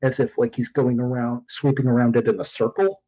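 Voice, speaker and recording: A man playing a tabletop game, calmly planning his character's moves aloud. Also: mid-range voice, fairly quick. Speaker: player. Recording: dull lo-fi sound.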